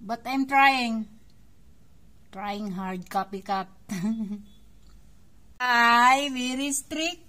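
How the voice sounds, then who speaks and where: High, slow, coaxing Filipino woman. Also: pushed and bright. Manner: coaxing, sing-song, laughs often; mixes English with local words. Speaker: pet sitter. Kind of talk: talking to a cat.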